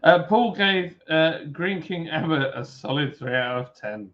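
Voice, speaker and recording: Over a beer at home, this livestream host with a Yorkshire accent reads viewer comments and banters jokily with his audience. He speaks at a measured pace in a slightly high, animated voice, dropping in lots of "uh"s, and the stream audio is dull and lo-fi.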